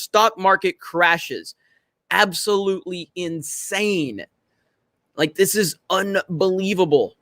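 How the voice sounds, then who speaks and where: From his home in Florida, a man with a high-pitched, slightly bright voice hosts a casual livestream, reading viewer comments out loud. He laughs often and swears freely, and the audio is clean studio sound with no echo.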